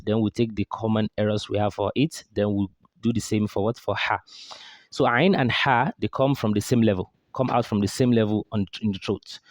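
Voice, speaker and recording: A man teaching Quran recitation, drilling throat sounds slowly with exaggerated demonstrations and quizzing his listeners as he goes. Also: fairly low pitch, dry recording, clean studio sound. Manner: drills sounds slowly, asks and answers his own questions. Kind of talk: pronunciation lesson.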